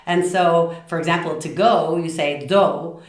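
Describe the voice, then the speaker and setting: Middle-aged woman, low voice, passionate talk to camera in an echoey room. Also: unhurried. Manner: passionate, lively, acts out little quoted lines. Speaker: speaker giving communication tips.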